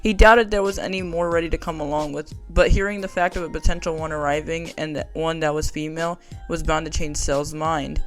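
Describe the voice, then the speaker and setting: A man's voice: fairly high pitch, steady tone, fairly quick, hardly any pauses, faint music behind. A man narrating a fan audiobook drama in a casual, conversational way.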